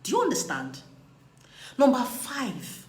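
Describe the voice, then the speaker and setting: A woman's voice: fairly high pitch, huge pitch swings, takes it slowly, a little mellow, echoey room, low-quality recording. A woman, giving an emphatic, scolding live talk on marriage. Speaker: relationship speaker.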